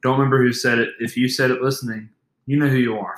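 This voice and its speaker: Man, young adult, bright voice, earnest, emphatic, casual podcast talk, roomy echo. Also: mid-range voice, little pitch movement, fast. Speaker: podcast co-host. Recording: echoey room.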